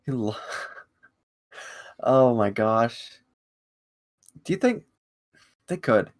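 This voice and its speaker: A man's voice: medium pitch, very animated. A man co-hosting a podcast, riffing jokes in casual chat and laughing often. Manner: giggly, quick riffing jokes. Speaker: podcast co-host.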